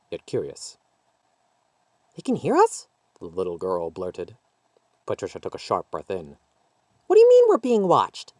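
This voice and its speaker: A man reading his own fantasy story aloud with expressive narration. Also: deep voice, no room sound.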